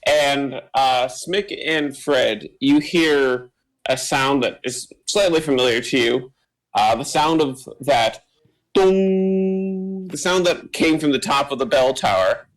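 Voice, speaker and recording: Slow, meandering game master man. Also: medium pitch, fairly bright tone, low-quality recording. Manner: slow, filler-heavy, meandering. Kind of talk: narrating a tabletop game.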